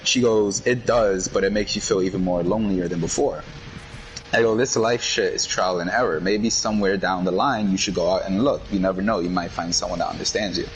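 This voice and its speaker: A man's voice: low-pitched, fairly quick, slight background noise, poor audio. A man in casual chat, laid-back and slangy, retelling conversations line by line. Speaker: podcast co-host.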